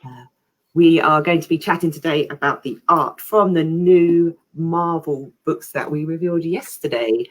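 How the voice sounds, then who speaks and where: A woman's voice: low-pitched, normal speed. A woman hosting a live video chat, cheerful and a little hesitant as she moderates. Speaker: host. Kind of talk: casual chat. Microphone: video call.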